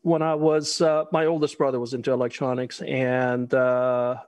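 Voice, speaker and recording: A middle-aged man from Iran speaks, chatting as an interview guest. He laughs easily and tosses in wry asides at an even, mid pitch. The sound is dry and close, with no room around it. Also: normal speed, dry recording. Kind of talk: casual interview conversation.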